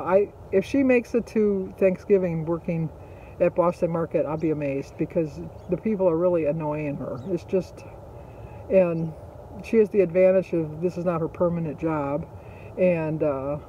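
Middle-aged man, high and mellow, chatty vlog storyteller, dull lo-fi audio. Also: a little hiss or hum. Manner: chatty, rambling, with frequent fillers. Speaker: vlogger. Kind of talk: casual storytelling.

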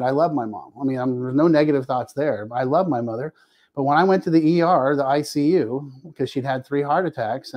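A middle-aged man, a family addiction therapist, telling candid personal stories in a podcast interview and acting out the people he quotes. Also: a little high. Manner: animated, acts out quoted dialogue, frequent restarts.

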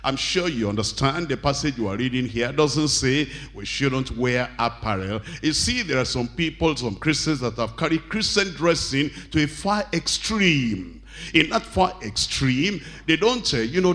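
A male pastor delivers a sermon in a voice of middling pitch. He reads scripture slowly and deliberately, then acts out quoted scenes, rising high and loud for angry bosses and dropping low and soft for humble apologies. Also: expressive.

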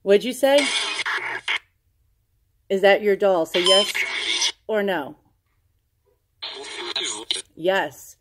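A woman speaks in a casual, curious way as she records at home, posing slow questions one after another with pauses. Her voice sits at an ordinary pitch. A faint hiss and occasional clicks run underneath. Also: lively intonation. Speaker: vlogger running a ghost hunting session. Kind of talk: casual chat, asking questions aloud. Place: indoors at home with a dog nearby.

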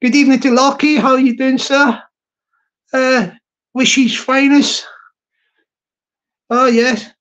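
A man's voice: very high-pitched, flat delivery, slow, long pauses, a bit bright. Rambling man hosting a casual live stream, repetitive, laughs at own jokes. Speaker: livestream host.

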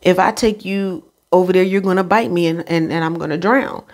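A woman's voice: on the low side, fairly quick, natural voice. A woman voicing a wary frog in a spoken fable, protesting in a slightly raised voice. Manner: alarmed, protesting.

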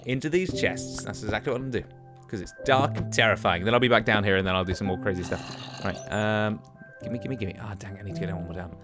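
A man hosting a let's play, giving casual gaming commentary and excitedly talking to himself and the creatures in the game. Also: on the low side, fast. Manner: excitable, talks to himself and the mobs. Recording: game music underneath.

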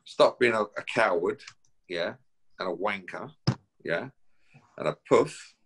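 A man's voice: on the low side, expressive, takes it slowly, fairly bright tone, slightly rough. A man from Essex with an Essex accent, a guest boxer on a call, talking in a brash, taunting, swearing way. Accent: Essex English. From Essex, England. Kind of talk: casual call-out chat.

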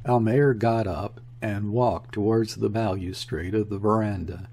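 A man reading a classic novel aloud in a measured, even storytelling manner. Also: lowish voice, slightly rough. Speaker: audiobook reader. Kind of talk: audiobook narration of a classic novel.

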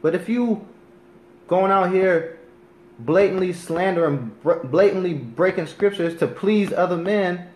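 A man teaching from the Bible in an earnest way, reading verses slowly and deliberately and often asking "you understand?". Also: high voice, darkish tone, reverberant, rough recording. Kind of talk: scripture teaching.

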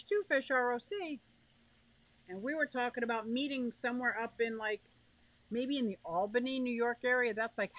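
This livestream host, from the northeastern United States, has a voice on the high side with a fairly bright tone. She chats casually, reads comments, and greets viewers by name, all in a low-quality recording.

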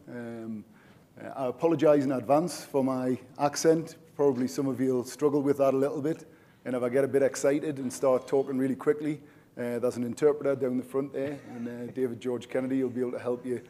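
Man, conference presenter, mellow warm tone, informal, chatty, lots of fillers. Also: mid-range voice. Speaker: general manager presenting.

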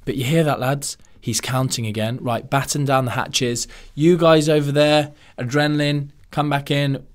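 A man's voice: medium pitch, level tone, moderate pace, few pauses, lightly acted. A man voicing the human body as a panicky male crew chief, calling out urgent orders to his team. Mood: alarmed, bossy. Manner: urgent, bossy, rallying.

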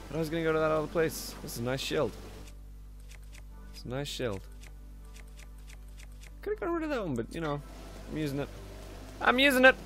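A man giving casual let's-play commentary, full of profane, muttered asides. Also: mid-range voice. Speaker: gameplay commentator.

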